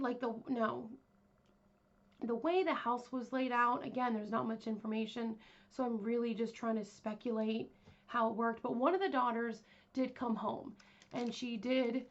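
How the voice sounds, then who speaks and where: A woman's voice: fairly high pitch, dull audio. A woman hosting a true crime podcast, telling the story in a casual, rambling way with lots of fillers. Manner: rambling, chatty, with many fillers.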